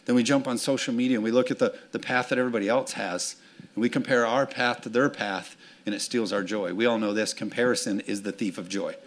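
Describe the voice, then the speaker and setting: A man's voice: medium pitch, fairly even intonation, fast talker. A man preaching a sermon as pastor, telling stories, acting out voices and asking the congregation for amens. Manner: storytelling, acts out voices, asks for amens. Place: church sanctuary with congregation.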